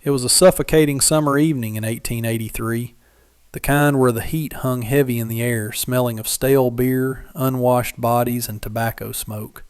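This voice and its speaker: Male storyteller, scripted narration, measured and dramatic, mid pitch, dry studio sound. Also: steady tone, a little mellow, clear, resonant tone, dry recording.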